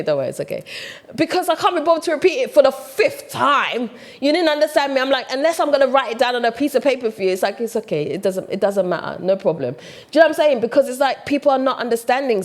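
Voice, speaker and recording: A woman with a British accent, talking casually to camera in a chatty, animated way. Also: medium pitch. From United Kingdom. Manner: chatty, animated, mimics other voices. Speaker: vlogger.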